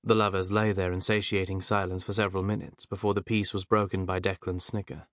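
Low-voiced male audiobook narrator. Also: no echo, clean studio sound. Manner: measured, even storytelling.

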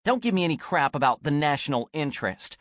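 An exasperated young woman snaps and protests in a raised, lively voice, as a male audiobook narrator puts her on. Her sharp-tongued indignation keeps climbing in pitch. The recording is dry and close. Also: fast, no room sound. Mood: angry. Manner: snapping, indignant, voice rising. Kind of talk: audiobook character voice.

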